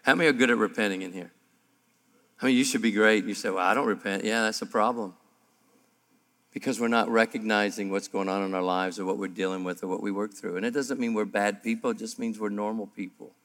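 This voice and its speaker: A man preaching a sermon to a room of men, emphatic and humorous, and his voice climbs higher and louder as he builds. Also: steady tone, a little fast. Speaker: pastor. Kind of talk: sermon at a men's breakfast. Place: large room before an audience. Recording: live hall with long reverb.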